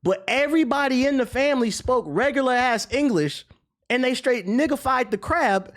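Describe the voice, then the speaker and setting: A man's voice: extremely high pitch, lively intonation, moderate pace. A young man streamer ranting in casual, profane commentary, now and then mocking voices.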